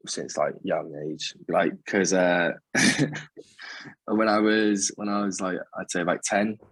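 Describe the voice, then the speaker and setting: A young man, his voice very low and husky, telling his own story in a halting way, full of fillers and restarts. The sound is dry and close, with no room around it. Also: fairly even intonation, a bit bright, no echo. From England. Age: young adult. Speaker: guest. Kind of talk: candid personal storytelling.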